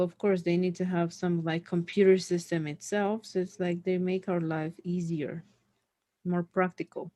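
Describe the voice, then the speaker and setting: A woman's voice: lowish voice, dark tone, dry recording, low-quality recording. A woman teaching a one-on-one English lesson, asking brief prompting questions.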